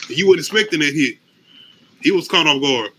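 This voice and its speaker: A man co-hosting a casual talk show, telling stories with animated acted-out quotes and frequent laughter. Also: fairly high pitch, poor audio. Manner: animated storytelling, acts out quotes, laughs often. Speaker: podcast co-host. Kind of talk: casual chat.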